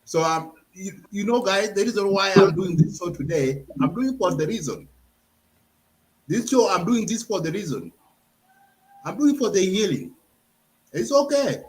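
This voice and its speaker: A man hosting and moderating an online discussion, handing out speaking turns with frequent repeats and pauses. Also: sits high, sing-song, low-quality recording. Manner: halting, repeats words while handing out turns. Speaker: host and moderator. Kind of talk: moderating an audio-room discussion.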